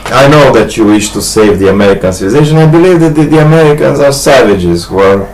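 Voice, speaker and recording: Halting, grandiose man. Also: medium pitch, lively intonation, a little mellow, soft background music, rough recording. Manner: hesitant, halting, many restarts and fillers; grandiose, earnest monologue. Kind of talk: rambling personal video message.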